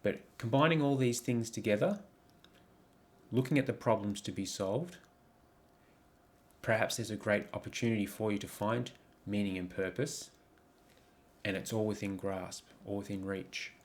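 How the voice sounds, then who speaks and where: A man's voice: fairly low pitch, moderate pace, pauses often. A man giving a coaching talk over slides, reflective, posing many questions, with frequent ums and restarts. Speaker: life coach.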